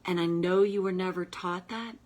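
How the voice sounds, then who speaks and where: A woman hosting a casual self-help coaching livestream, speaking in a soothing way and sometimes dropping to a gentle whisper. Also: on the low side, steady tone, moderate pace, rough recording. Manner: talks casually and drops at times into a soft, soothing whisper.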